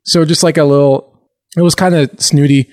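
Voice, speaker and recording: A man with a slightly higher voice co-hosting a podcast, telling casual stories. He rambles and restarts his sentences as he goes. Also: steady tone, a little fast, a little mellow. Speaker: podcast co-host. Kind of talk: casual chat.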